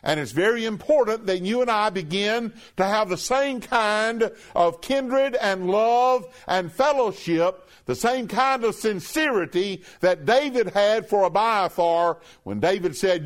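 A high-pitched male preacher addresses his congregation as brethren, slowing down to draw out the scripture he quotes.

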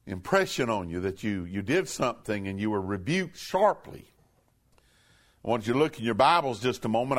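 A preacher man delivering an impassioned sermon. His voice sits high and leaps up and down across a wide range. He reads scripture slowly and dramatically, then drops low to drive a point home. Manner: impassioned, rising and falling sharply for emphasis; reads scripture in a slow, declaiming voice.

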